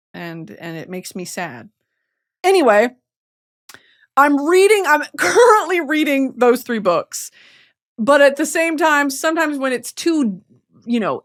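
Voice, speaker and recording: A young adult woman hosting a podcast, talking in a casual comedic monologue, profane and ranting, swinging from quiet reflection to shouting. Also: medium pitch. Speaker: podcast host.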